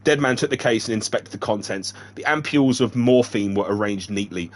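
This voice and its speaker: Guy reading a book out loud on stream, kinda low voice, trips on words, cracks jokes. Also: a little fast, hardly any pauses. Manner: stumbling reading with joking asides. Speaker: streamer reading a novel aloud. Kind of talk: casual read-aloud with asides.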